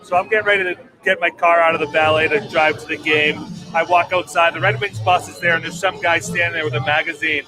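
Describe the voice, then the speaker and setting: A man's voice: fairly high pitch, steady tone, fast talker, over music. A man chatting casually on a podcast in a busy hotel bar, telling stories in a laid-back way. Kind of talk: casual chat. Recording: noisy crowded bar. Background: crowd chatter.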